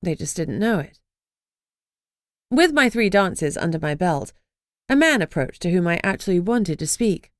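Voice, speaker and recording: A woman's voice: on the low side, sing-song, normal speed, pauses often, dry recording. A woman narrating a first-person fantasy audiobook with a dry, wry delivery.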